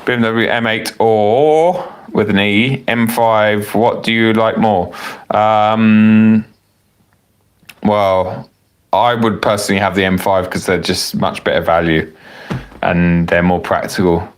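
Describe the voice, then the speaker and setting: Casting note: low-voiced man hosting a live car Q&A, loose and chatty, a bit tipsy. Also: steady tone, takes it slowly. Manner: rambling, self-correcting, chatty with frequent fillers. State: tipsy from wine. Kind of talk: casual live-stream chat reading viewer comments.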